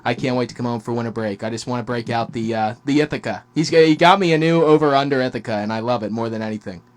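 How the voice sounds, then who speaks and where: A man's voice: medium pitch, fast. A young man hosting a podcast interview, speaking in an eager, admiring way with many fillers. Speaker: podcast host. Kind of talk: casual interview.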